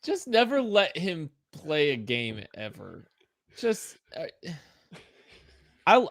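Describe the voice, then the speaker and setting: Lively, teasing man with a dry sound. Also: mid-range voice, vocal fry, no echo. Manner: teasing, playful, runs the segment. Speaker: podcast host. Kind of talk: casual sports podcast banter.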